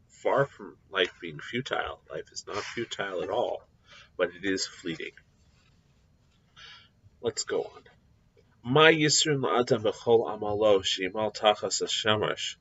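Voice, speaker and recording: A man giving a recorded scripture lecture, explaining deliberately with frequent pauses and fillers. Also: fairly low pitch, pushed and bright, slightly rough, highs cut off. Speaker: Bible teacher.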